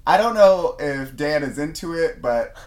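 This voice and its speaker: A man co-hosting a podcast, telling a story in casual chat, animated and laughing a lot as he talks. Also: a little high, a little slow. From Canada. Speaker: podcast co-host.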